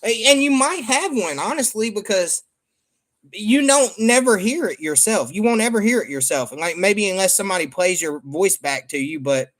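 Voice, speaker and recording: A man's voice: high voice, expressive, moderate pace, a bit bright. Brief Southern-accented man rambling casually. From Michigan. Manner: drawling, joking, trailing off with ums. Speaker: streamer and father. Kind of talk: casual rambling chat to viewers.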